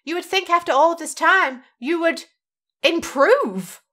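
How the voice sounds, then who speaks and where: A woman's voice: very high voice, a little slow, sharp tone. A woman reacting to gameplay footage in casual commentary, sarcastic and exasperated, swearing freely. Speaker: gaming YouTuber reacting to a video. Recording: music playing clearly behind.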